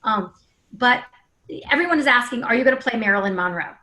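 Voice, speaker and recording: A woman's voice: a little high, animated, a little fast, bright, forceful tone. A woman hosting an interview, effusive and full of compliments for her guests. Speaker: interview host.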